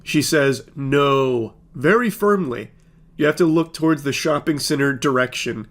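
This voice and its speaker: A man's voice: mid-range voice, measured pace. A man giving comedic commentary on creepy text messages, sarcastic and profane, reading the texts aloud with mocking voices.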